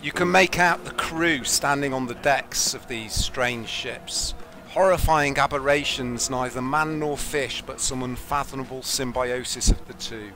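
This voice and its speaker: A man narrating a tabletop game as game master, in slow atmospheric description. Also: medium pitch, bright, forceful tone, faint music behind.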